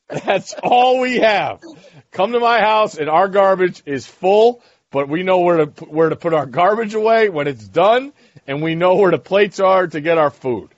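Lively teasing man co-hosting. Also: sits high, no room sound, lo-fi sound. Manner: teasing, gives rapid tips. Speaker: podcast co-host. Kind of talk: casual chat.

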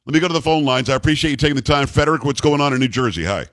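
A man's voice: medium pitch, expressive, racing, fairly bright tone, no room sound. Opinionated male talk radio host. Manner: blunt, opinionated, jokes about himself. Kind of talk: talk radio and live ad reads.

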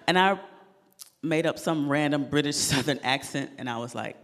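A woman comedian performing a stand-up set, animated and laughing at her own jokes, on a club stage mic. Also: sits low, moderate pace, in a large hall, slight background noise.

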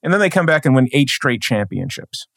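A man's voice: medium pitch, sing-song, fairly quick, creaky, a bit bright, dry recording, clean studio sound. A man, a sports journalist, speaking emphatically as a podcast guest and building his points with repeated phrases. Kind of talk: podcast interview.

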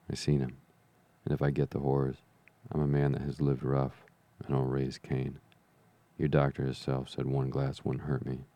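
A man reading the part of a sick old pirate sea captain, feeble and weak, pleading and grumbling in rough sailor's slang. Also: extremely low pitch, warm tone. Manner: rough sailor's slang, begging then blustering.

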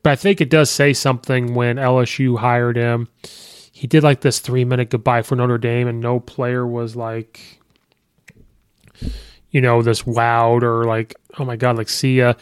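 Smooth-voiced man talking college football. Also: mid-range voice, flat delivery, unhurried, no echo, clean studio sound. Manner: conversational, thinks aloud with ums and you-knows. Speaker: sports podcast host. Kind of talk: casual sports podcast commentary. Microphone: podcast microphone.

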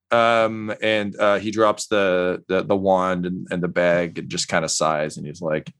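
A man runs a tabletop game, narrating in a casual, halting way full of fillers. His voice sits a bit low. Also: flat delivery, fairly bright tone, clean tone. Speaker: game master.

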